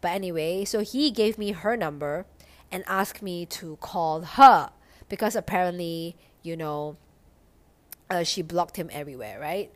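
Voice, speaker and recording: A woman's voice: fairly low pitch, a little slow. Swearing young woman telling a story. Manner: animated, heavy swearing, lots of "like". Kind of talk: casual storytime.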